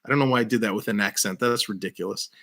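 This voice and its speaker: A man's voice: fairly low pitch, rapid-fire, fairly bright tone. A man hosting a livestream in casual chat, upbeat and laughing often. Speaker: livestream host.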